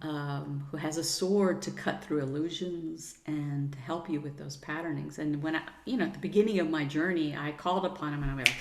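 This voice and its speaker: A middle-aged woman, a guest on a podcast, talking in an earnest, soothing way and using gentle pet names. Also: low-pitched, moderate pace, gravelly, hardly any pauses. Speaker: podcast guest, sound healer. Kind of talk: casual interview chat. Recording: roomy echo.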